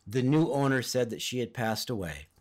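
A man's voice: mid-range voice, animated, normal speed. A middle-aged man from Southern California preaching a sermon, telling a personal story in an earnest way.

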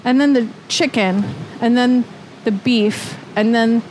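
A woman's voice: a little high, takes it slowly, darkish tone, a little hiss or hum. A woman guest chatting casually and correcting herself as she goes, on a moving streetcar. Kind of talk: casual chat. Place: riding a city streetcar.

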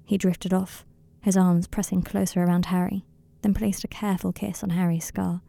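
A woman narrating a fan story as an audiobook, in a calm, steady way. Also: fairly low pitch, normal speed, gravelly.

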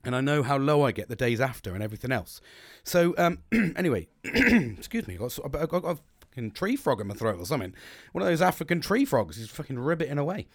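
A man's voice: mid-range voice, very animated, quick pace, no room sound, studio quality. A young man hosting a podcast, talking bluntly and rambling, with plenty of swearing. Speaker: podcast host. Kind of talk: candid solo podcast monologue.

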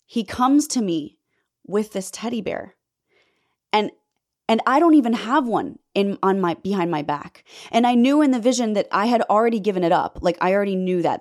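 Intense woman telling a dramatic testimony. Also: normal speed. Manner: intense, dramatic storytelling with sudden pitch leaps when emphatic. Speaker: faith vlogger telling a personal story. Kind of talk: emotional personal testimony.

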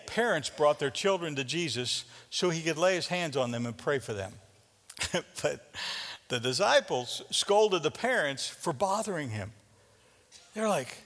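A man preaching a conversational sermon as pastor, often repeating words and swinging between loud and soft. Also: high voice, big-room sound.

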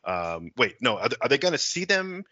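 A man's voice: mid-range voice, fairly quick, no echo. Male co-host, casual brainstorm, slightly dull lo-fi recording. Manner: relaxed, laughing, thinking aloud. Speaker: podcast co-host.

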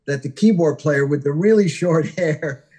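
Hoarse, husky man telling a story. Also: fairly high pitch. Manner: rambling, many pauses and uhs, warm storyteller. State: hoarse, losing his voice. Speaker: guest musician. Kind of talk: interview storytelling.

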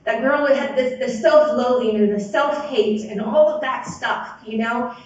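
A woman's voice: on the high side, measured pace, slight background noise. A woman sponsor giving a personal recovery testimony at a meeting, talking casually and rambling with many fillers. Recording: very echoey hall, voice from far off, dull sound.

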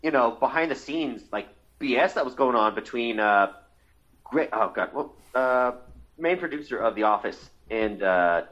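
A man's voice: mid-range voice, animated, moderate pace, fairly bright tone. A man in his thirties co-hosting a podcast, talking casually and hesitantly, with many fillers. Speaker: podcast co-host. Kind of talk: casual chat. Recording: dull lo-fi sound.

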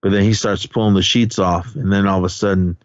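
A man's voice: deep voice, fairly even intonation, fast, no room sound, dull audio. Rambling man recapping a movie. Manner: rambling, full of fillers and restarts. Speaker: podcast co-host.

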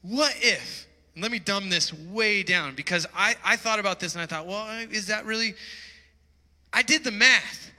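A pastor preaching a sermon to his church, excitable and getting loud when he is stirred up. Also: sits high, normal speed, few pauses. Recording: preaching in a reverberant church hall.

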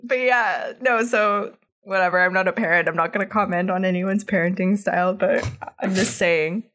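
A woman's voice: medium pitch, a bit bright. A young woman co-hosting a casual podcast, retelling a cartoon episode with lots of "like" fillers and acted-out quotes. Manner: chatty, many "like" fillers, acts out quotes. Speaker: podcast co-host.

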